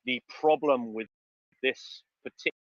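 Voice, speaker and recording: A man's voice: medium pitch, moderate pace, dry recording. A British man in casual panel chat, dry humour and frequent ums and uhs. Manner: dry, hesitant with many fillers. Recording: dull dry lo-fi mic.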